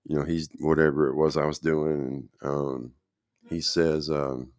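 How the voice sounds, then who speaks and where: Host, man with an extremely low voice, rambling personal storytelling, dry close sound. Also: little pitch movement, unhurried, a little mellow, dry recording. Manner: rambling, checks in with the listener often. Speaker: podcast host telling his own story. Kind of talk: casual spoken storytelling.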